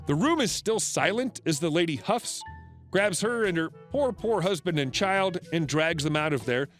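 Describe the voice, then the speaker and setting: A man narrating internet stories in a wry, expressive scripted read. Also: a little high, normal speed. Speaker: story narrator. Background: faint music.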